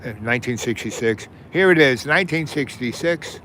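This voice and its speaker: A man's voice: mid-range voice, animated, normal speed, a bit bright, slight background noise. A man in his seventies hosting a livestream, telling a rambling, digressive story with plenty of profanity and trailing asides. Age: 70s. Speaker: livestream host.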